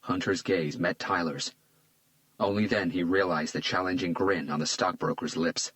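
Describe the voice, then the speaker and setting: Male audiobook narrator, very deep, measured and tense thriller read. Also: fairly even intonation, a bit bright, dry recording, low-quality recording.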